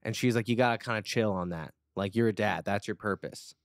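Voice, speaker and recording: A man's voice: lowish voice, fairly quick, dry recording, clean studio sound. A man co-hosting a podcast, chatting casually and earnestly, rambling with lots of fillers. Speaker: podcast co-host. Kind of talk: casual chat.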